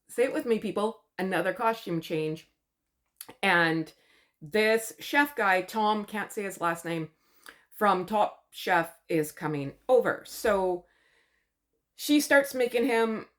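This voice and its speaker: A woman's voice: medium pitch, fairly bright tone. A woman from Canada giving a gossipy, sarcastic recap of a TV show, chatty and mocking. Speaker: commentary vlogger.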